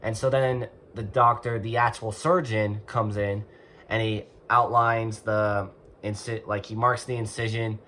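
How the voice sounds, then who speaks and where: A man's voice: fairly low pitch, level tone, unhurried, bright, forceful tone, a little hiss or hum. A young man telling a personal story in a casual, rambling way, full of "like" and "and so". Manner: rambling, heavy use of "like" and "and so". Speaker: vlogger.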